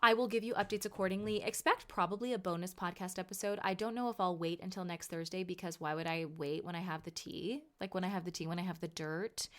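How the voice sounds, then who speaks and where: A woman in her thirties hosting a casual solo podcast, chatty and emphatic, sounding sleepy and tired. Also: mid-range voice. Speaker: podcast host and author.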